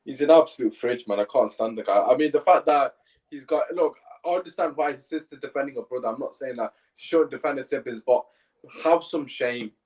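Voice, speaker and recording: A man's voice: medium pitch, a little fast, darkish tone, low-quality recording. A young man hosting a podcast, talking bluntly with jokes and slang. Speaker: podcast host. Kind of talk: casual podcast chat.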